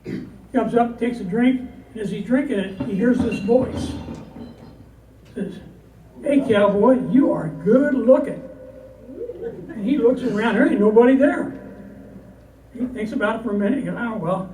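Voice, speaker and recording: A man's voice: extremely high pitch, normal speed, pauses often, mellow, a little hiss or hum. A man performing as a cowboy poet before a live audience, telling jokes and reciting verse in a folksy storytelling manner. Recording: roomy hall from a distance.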